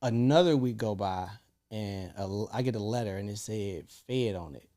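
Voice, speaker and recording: Young guy, podcast co-host; loose, profane storyteller who jumps up high when quoting people. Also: moderate pace. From Chicago. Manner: animated, swearing, acts out quoted lines with big jumps in pitch. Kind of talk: casual storytelling chat.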